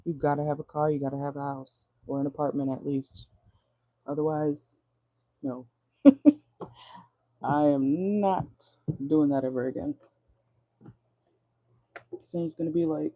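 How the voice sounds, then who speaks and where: Dark-voiced chatty woman reading tarot. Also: deep voice, fairly even intonation, a little slow, long pauses, no echo. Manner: chatty and blunt, laughs often, swears freely. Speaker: tarot reader. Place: in a car.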